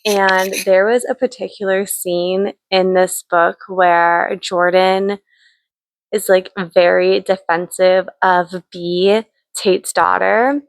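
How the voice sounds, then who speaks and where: A woman's voice: medium pitch, steady tone, slow pace, gravelly, dry recording. A young woman chatting casually in a book vlog, gushing about what she reads, with frequent likes and ums. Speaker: book vlogger. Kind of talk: casual read-along vlog chat.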